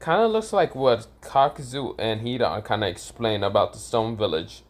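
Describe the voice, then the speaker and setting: A man's voice: mid-range voice, animated, moderate pace, lightly acted. A brash male swordsman ninja with a taste for violence, blunt and foul-mouthed, as a man puts him on while narrating. The voice is barely changed from a normal speaking voice. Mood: gleeful.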